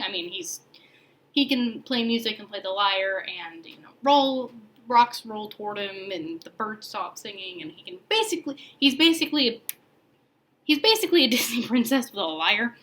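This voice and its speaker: A woman's voice: on the high side, a bit bright, low-quality recording. A young woman hosting a podcast, retelling a myth in a chatty, playful way with slang and laughs. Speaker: podcast host. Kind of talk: casual mythology storytelling.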